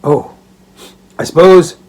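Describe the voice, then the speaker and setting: A man's voice: slow pace, close to an everyday voice. Man doing a jolly old porter. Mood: guessing. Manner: chuckling, excitable. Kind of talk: audiobook reading.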